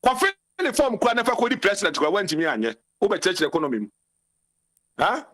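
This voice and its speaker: A man's voice: high voice, wildly swooping pitch, fast, a bit bright. A man with a Ghanaian accent, calling in to a talk show and ranting passionately, repeating his phrases. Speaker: caller. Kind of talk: call-in commentary mixing Twi and English.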